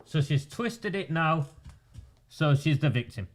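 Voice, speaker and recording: A man's voice: a little high, animated, a little slow. Indignant man commentating. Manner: indignant, repeatedly calling out names. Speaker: political commentator. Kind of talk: commentary over council meeting footage.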